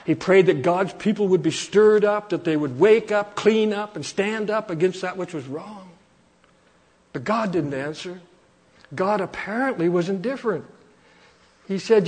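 A man preaching a sermon from Canada, earnest and repeating phrases for emphasis, slowing down to quote scripture. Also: a little high, a little mellow.

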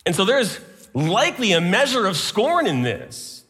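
A man's voice: high-pitched, wildly swooping pitch, unhurried, fairly bright tone. A man preaching a sermon, citing scripture references as he goes. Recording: long hall reverb.

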